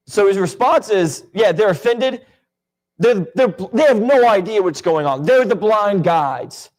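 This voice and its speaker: A man's voice: high voice, lively intonation, measured pace, a little mellow. A young adult man teaching a Bible class in a casual, conversational way, often asking his listeners questions.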